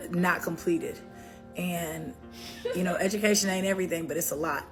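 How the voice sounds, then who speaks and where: A woman's voice: lowish voice, moderate pace, music in the background. A woman making a social media opinion video, confident, cutting and argumentative.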